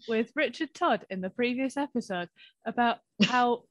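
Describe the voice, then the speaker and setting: A woman's voice: on the high side, moderate pace, no room sound. A young woman with a Northern English accent, chatting casually with dry jokes and frequent laughs. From North of England. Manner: dry, jokey, laughs between lines. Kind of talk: casual chat.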